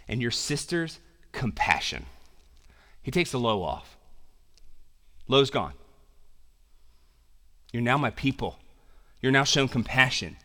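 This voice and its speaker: Animated preaching man, mid-pitched. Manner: animated preaching, swinging from loud emphasis to quiet intensity; casual asides with slang. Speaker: pastor. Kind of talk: sermon.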